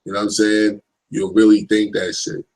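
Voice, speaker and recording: A man's voice: fairly low pitch, flat delivery, moderate pace, a little mellow, poor audio. A man in his thirties hosting a live stream, rambling in a loose, profane style and often checking in with his listeners. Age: 30s. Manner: rambling, profane, keeps asking "you know what I'm saying". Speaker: livestream host. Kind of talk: casual live-stream monologue.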